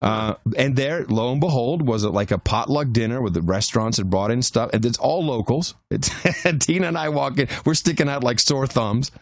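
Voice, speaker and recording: A man's voice: mid-range voice, normal speed, few pauses, no echo, studio quality. A man co-hosting a podcast, telling a long travel anecdote in casual chat with frequent restarts and fillers. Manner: rambling anecdotes with many restarts. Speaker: podcast co-host.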